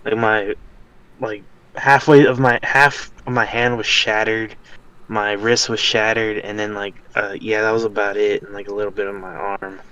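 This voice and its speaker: A man's voice: on the low side, level tone, normal speed, sharp tone, clean tone, rough recording. A young man co-hosting a podcast, rambling through a casual story with many fillers and restarts. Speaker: podcast co-host. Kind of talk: casual chat.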